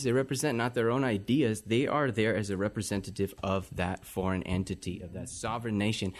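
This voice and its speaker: A man hosting a podcast, talking about faith in a preaching style and quoting scripture in old wording. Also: medium pitch.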